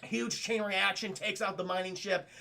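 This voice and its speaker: A high, bright-voiced man tearing through a film recap for his live chat. He is excitable and profane, laughs often, and slips into the characters' lines. A gravelly fry runs under his speech. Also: moderate pace. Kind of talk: animated spoiler recap with quoted character voices.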